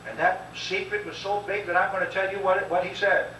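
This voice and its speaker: A man's voice: sits high, fairly even intonation, fairly quick, pushed and bright, a little hiss or hum. A man giving an impassioned public lecture, emphatic and preacher-like, urging listeners to answer aloud. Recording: old echoey VHS tape from far off.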